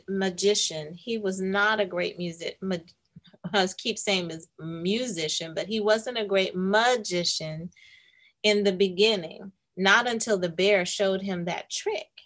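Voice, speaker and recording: A woman hosts a children's read-aloud at a slow, unhurried pace. She reads a picture book and stops to ask her young listeners questions, in a middle pitch. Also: a bit bright.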